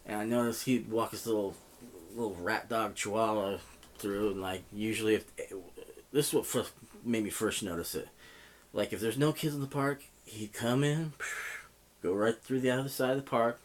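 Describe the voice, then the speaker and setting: Steady in tone and lowish in pitch, this male vlogger speaks at a moderate pace as he tells a loose, rambling story. It's full of profanity and "you know" fillers.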